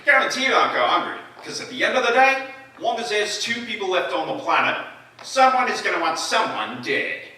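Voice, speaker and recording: A laconic Australian marksman drawls in a dry, raised voice, as a young man puts him on. His tone is bright and sharp, and a large echoing hall carries it from a distance. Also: high-pitched, animated, brisk, voice pushed up, heavily acted. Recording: echoey hall, mic far off.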